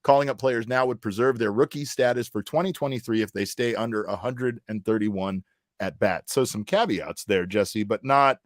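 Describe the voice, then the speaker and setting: A man's voice: fairly low pitch, normal speed, no room sound, studio quality. A man hosting a casual sports podcast, upbeat and playful, hyping up his co-host.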